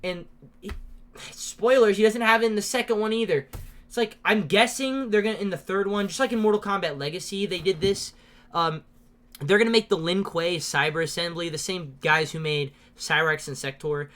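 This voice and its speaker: Podcast host, profane, excitable, laughs a lot, casual movie-review rant, mid pitch. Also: normal speed. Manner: laughs often while talking.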